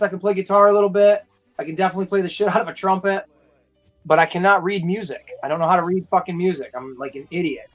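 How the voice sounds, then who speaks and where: High-voiced profane male stream host. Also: lo-fi sound. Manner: profane, rambling, quick to laugh. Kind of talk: casual stream chat. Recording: faint music behind. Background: faint music.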